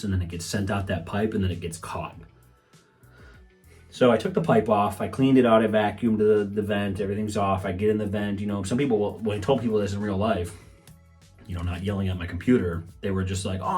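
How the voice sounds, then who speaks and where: A man's voice: fairly low pitch, a little mellow. A young man hosting a comedy podcast, rambling through a profane monologue and acting out quotes in mocking voices. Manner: swears a lot, acts out quotes in raised mocking voices.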